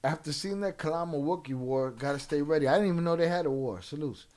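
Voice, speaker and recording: A man's voice: fairly high pitch, fast, darkish tone. A man streaming and reading chat in a loose, profane way, dropping in Spanish slang. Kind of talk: casual live-stream chat.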